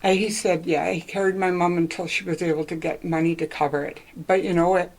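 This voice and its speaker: A woman's voice: lowish voice, level tone, a little fast, poor audio. A woman in her seventies from northwestern Ontario, reminiscing in a casual oral-history interview and often laughing as she rambles. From northwestern Ontario, Canada.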